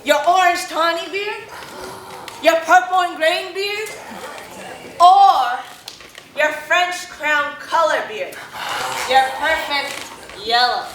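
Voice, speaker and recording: A woman's voice: very high-pitched, slow, long pauses, a bit bright, full character voice. A woman playing a boastful, hammy male weaver who wants every part, declaiming with showy bombast on a college stage. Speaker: stage actor. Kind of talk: live college stage performance. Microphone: distant room mic. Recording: roomy stage audio from far off with faint noise.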